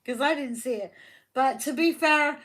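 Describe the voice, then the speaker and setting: A woman's voice: high voice, normal speed, a bit bright. A woman hosting a live tarot stream, chatting casually and rambling, repeating herself and talking to her viewers. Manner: talks to viewers by name, affectionate.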